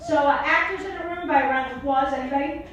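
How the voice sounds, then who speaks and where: A woman's voice: high voice, fast talker, heavy background noise. A middle-aged woman performing a stand-up comedy set, telling family stories and acting out her relatives' voices. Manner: storytelling, acts out relatives' voices. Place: comedy club stage. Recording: echoey live room, mic at a distance.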